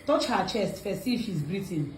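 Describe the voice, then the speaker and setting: A woman's voice: medium pitch, normal speed. A woman with a Nigerian accent doing casual prank banter, often laughing as she talks. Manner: lively, laughs through her speech. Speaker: prank video maker. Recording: echoey room with faint noise.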